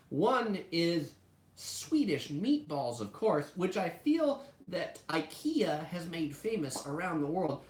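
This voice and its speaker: Chatty woman, roomy sound. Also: fairly low pitch. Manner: chatty, heavy use of "like" fillers. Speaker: travel channel host. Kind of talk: casual live-stream chat.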